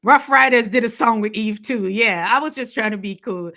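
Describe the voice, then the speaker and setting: A middle-aged woman from the Caribbean hosts a casual live stream chat. Her voice sits a little high and sounds bright and forward. She laughs often and keeps the talk animated. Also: normal speed.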